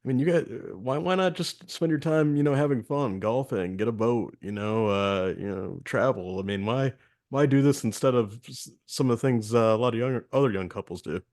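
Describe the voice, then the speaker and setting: A man hosting an interview, asking questions in a conversational, halting way. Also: medium pitch, a little mellow. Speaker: interview host.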